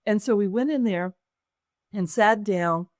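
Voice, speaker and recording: A woman's voice: medium pitch, a little slow, a little mellow, no echo, clean studio sound. A woman, an author and business owner, telling a personal story in an interview and acting out other people's lines as she goes.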